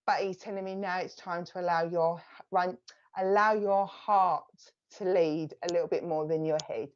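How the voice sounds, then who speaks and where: A woman's voice: lowish voice, a little fast, a little mellow, lo-fi sound. A woman with an Essex accent giving a live psychic reading, relaying messages in a chatty, reassuring way. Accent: Essex English. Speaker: psychic medium.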